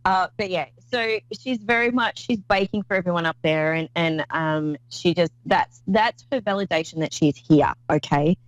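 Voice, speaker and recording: A woman's voice: on the low side, moderate pace, hardly any pauses, dry recording, low-quality recording. A woman hosting a call-in psychic reading show, talking in an effusive, rambling way with many restarts. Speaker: psychic medium host.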